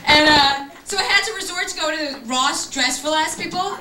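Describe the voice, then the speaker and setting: Brash young woman doing stand-up, high voice. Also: moderate pace, noisy background. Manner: brash, profane, self-mocking. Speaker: stand-up comedian. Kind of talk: stand-up comedy set. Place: small comedy venue. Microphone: camcorder from the audience. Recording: echoey room taped from far off.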